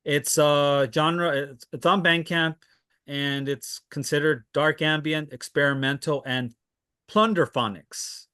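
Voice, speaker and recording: Man, casual music recommender, slow and halting, bright tone. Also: fairly high pitch, steady tone, clean tone. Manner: unhurried, hesitant with many fillers and restarts. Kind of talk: casual chat.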